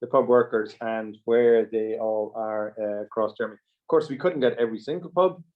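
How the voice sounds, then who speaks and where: A man hosting an online Q&A, speaking haltingly with many restarts. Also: lowish voice. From Ireland. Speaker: host. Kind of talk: online talk Q&A. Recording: dull lo-fi audio.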